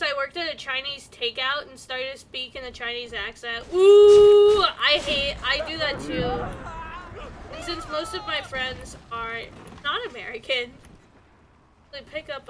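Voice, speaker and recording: A woman's voice: sits high, takes it slowly, very noisy. A young woman streaming a game, chatting playfully and laughing with friends. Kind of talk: casual chat while gaming.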